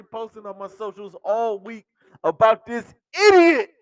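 On his podcast, a man with a strikingly high, leaping voice delivers an excitable sports rant, cursing and laughing as he goes. He talks a little slowly, and the sound is clean, close, and dry, with no echo.

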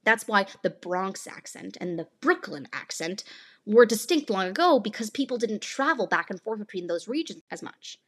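A woman's voice: medium pitch, animated, moderate pace, a bit bright, slightly rough. A woman from Northern California hosting a podcast, giving an earnest, explanatory scripted narration. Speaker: podcast host.

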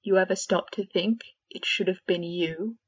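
A woman voicing a shape-shifting creature in the form of a dead young man, bitter, loud and taunting. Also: on the low side, steady tone, normal speed, slightly rough, lo-fi sound. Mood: raging.

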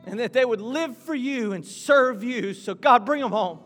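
A man preaching and praying, moving from quiet pleading to shouted, repeated prayer. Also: extremely high pitch, lively intonation, normal speed. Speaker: pastor. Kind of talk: sermon and prayer. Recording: long reverb with faint music.

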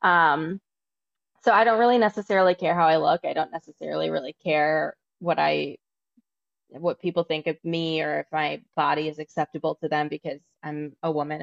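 A woman's voice: low-pitched, fairly even intonation, brisk, gravelly. A woman hosting a podcast interview, candid and chatty, who swears casually. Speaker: podcast host. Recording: dull lo-fi audio.

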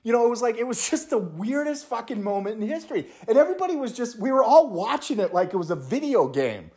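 Talking fast in a very high voice, a man from the United States rants through a casual story. He curses liberally and keeps breaking into mock quotations, animated throughout.

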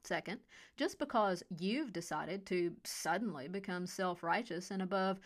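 A woman's voice: on the low side, a little slow, close to an everyday voice. A woman voicing a cold, scheming male resort boss with a Californian accent, smug and detached. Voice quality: icy, detached. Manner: smug, menacing, mocking. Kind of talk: audiobook character voice.

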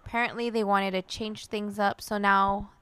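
Bright-voiced woman podcast host. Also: medium pitch, level tone, moderate pace, smooth. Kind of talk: casual chat.

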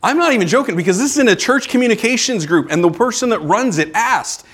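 A man's voice: sits high, sing-song, fairly quick, hardly any pauses, fairly bright tone, husky. A man in his forties, a pastor giving a casual, conversational sermon in a church with joking asides to the congregation. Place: church sanctuary.

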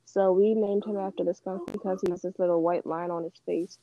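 Sleepy low-key woman chatting. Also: steady tone, brisk, mellow, highs cut off. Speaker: podcast guest. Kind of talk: casual podcast chat.

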